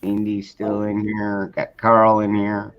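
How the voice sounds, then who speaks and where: Slow and completely flat, a lowish male voice runs a relaxed late-night livestream, cursing casually and saying hello to people in the chat. The recording is muffled.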